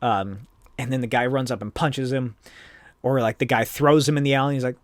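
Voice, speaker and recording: A man hosting a podcast, recapping a comic in a loose, profane, animated way. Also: mid-range voice, normal speed, no echo, studio quality. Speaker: podcast host. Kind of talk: casual comic book recap.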